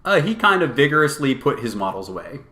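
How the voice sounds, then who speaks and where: A man co-hosting a podcast, telling a tabletop tournament story in a casual, animated and profane way, acting out both sides of the argument. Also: mid-range voice, fast. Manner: animated, profane storytelling with quoted back-and-forth. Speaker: podcast co-host. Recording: roomy echo.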